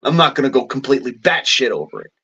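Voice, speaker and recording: A man's voice: mid-range voice, big pitch swings, quick pace, creaky, bright, forceful tone, husky, dull audio. A man ranting in a vlog, swearing constantly in a blunt, rambling way with folksy slang. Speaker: vlogger.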